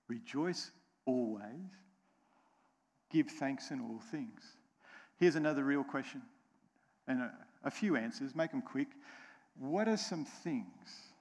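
A man with an American accent preaching a sermon to his congregation, slow and emphatic, repeating key phrases and putting questions to the room. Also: mid-range voice, darkish tone. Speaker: pastor. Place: church sanctuary. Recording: long church hall reverb.

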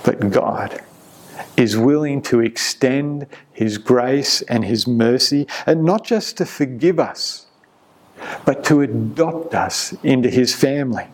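A man's voice: mid-range voice, takes it slowly. A man preaching an earnest, emphatic sermon as pastor, often repeating a word as he builds a point.

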